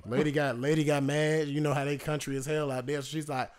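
A man in casual podcast chat, telling animated stories with lots of profanity and jokes. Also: a little high, quick pace, smooth. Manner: joking, profane, animated storytelling. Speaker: podcast co-host.

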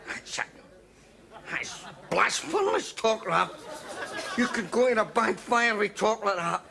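A gravelly drinking pal. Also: male voice, sits high, slow pace, crowd noise, noisy background, full character voice. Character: gloomy old drinking pal, pious and gullible.

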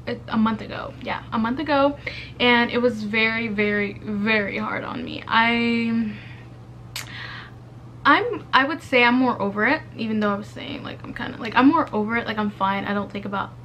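Talking straight to camera, a young adult college student offers heartfelt, informal advice, her chat full of filler words. She sounds a little high and a bit bright, with slight background noise.

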